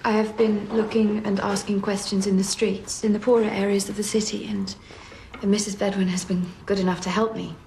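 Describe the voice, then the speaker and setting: An actress playing an earnest, principled young gentlewoman in a period drama, speaking formally and with feeling. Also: medium pitch, flat delivery, a little fast, gravelly, a little hiss or hum, close to an everyday voice. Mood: impassioned. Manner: formal, impassioned speech. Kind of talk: period television drama acting.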